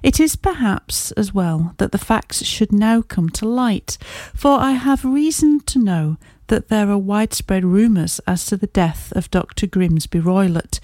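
A woman narrating a classic story as an audiobook reader, in a steady, measured storytelling manner. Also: mid-range voice, dry recording. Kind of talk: scripted narration.

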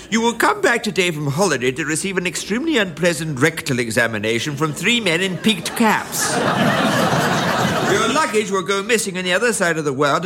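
A man's voice: sits high, sharp tone, heavily acted. A man playing an exasperated character ranting sarcastically in a sitcom.

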